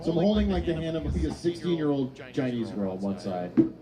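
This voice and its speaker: A man performing a stand-up comedy set, telling stories in a dry, deadpan way and acting out quotes. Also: a little high, fast talker, crowd noise, low-quality recording. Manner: deadpan storytelling with acted-out quotes. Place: comedy stage with a laughing audience. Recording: live audience laughter.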